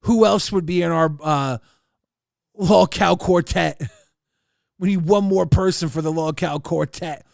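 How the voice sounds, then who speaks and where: A man hosting a casual livestream, reading viewer messages aloud and making joking, drawn-out hype announcements. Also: sits high, creaky, a little mellow, no echo, studio quality. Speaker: livestream host.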